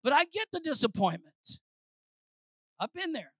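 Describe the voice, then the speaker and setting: High-voiced impassioned preacher. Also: very animated, normal speed, no echo. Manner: impassioned, swinging from shouts to low murmurs; calls out to the congregation. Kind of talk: sermon.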